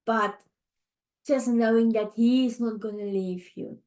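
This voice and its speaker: A middle-aged woman hosting a podcast, talking in a heartfelt, halting way, tired and close to tears. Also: fairly high pitch. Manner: heartfelt, halting, with restarts and soft fillers. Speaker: podcast host. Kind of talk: emotional personal monologue. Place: home, early morning.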